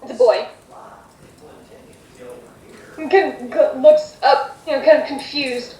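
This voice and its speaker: A woman running a tabletop game, narrating scenes with a hesitant, searching delivery. Her voice is high. The room sounds echoey and she sits away from the mic, with faint noise behind. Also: normal speed, darkish tone, far from the mic. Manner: hesitant, full of fillers and restarts. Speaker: game master.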